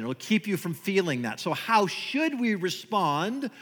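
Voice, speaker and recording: Male preacher, lively rather high voice, conversational sermon, rhetorical questions, long hall reverb. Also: unhurried, few pauses. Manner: conversational, asks rhetorical questions, repeats words. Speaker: guest preacher. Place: church sanctuary.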